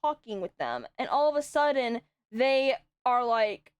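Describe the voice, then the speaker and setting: A woman's voice: on the high side, sing-song, a little slow, clear, resonant tone, no echo. A young adult woman streaming, chatting casually and telling rambling stories with frequent swearing. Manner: swears often, rambling storytelling. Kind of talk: casual chat.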